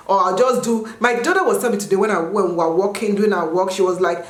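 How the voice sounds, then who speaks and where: Woman vlogger, casual chat answering questions, lively jumps into high voices, mid pitch, roomy echo. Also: fast, hardly any pauses. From Nigeria. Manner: animated, jumps into high sung and yelled bits.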